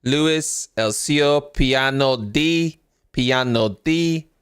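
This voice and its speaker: A man's voice: medium pitch, drawn-out words, a bit bright, clean tone. A man putting on an exaggerated fake Italian accent to play a race engineer talking over team radio. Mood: mock-dramatic. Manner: exaggerated sing-song faux-accent delivery.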